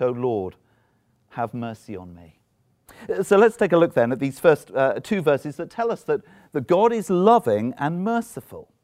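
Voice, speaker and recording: A male preacher delivers a sermon, his voice sitting a little high for a man. He tells the story with rhetorical questions and acted-out quotes, swinging between loud and hushed.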